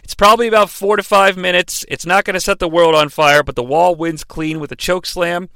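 A man's voice: high-pitched, steady tone, brisk, pushed and bright, clean tone, no room sound. A man hosting a podcast, rambling through a comedic wrestling booking monologue with self-deprecating asides. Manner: rambling, self-deprecating, acts out quotes in voices. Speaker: podcast host.

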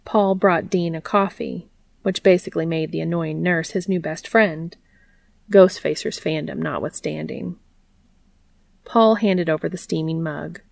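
A woman reading a fan fiction story aloud in a steady, plain narrating manner. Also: sits low, creaky, no echo.

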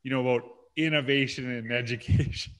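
A man hosting an education podcast, relaxed and conversational as he asks questions and reads quotes aloud. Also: medium pitch, fairly quick. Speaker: podcast host. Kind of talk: casual interview talk.

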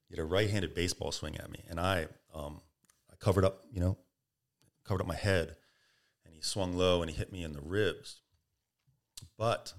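A man guest on a podcast, casually telling a story and acting out quotes with energy. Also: sits low. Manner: animated storyteller, acts out quotes.

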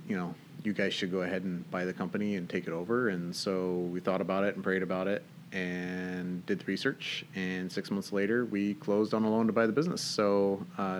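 Young man, very low voice, American accent, relaxed rambling talk, faint ambience. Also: slight background noise. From Northern Ireland. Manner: relaxed, rambling, many fillers. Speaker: guest, coffee business owner. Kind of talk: casual interview.

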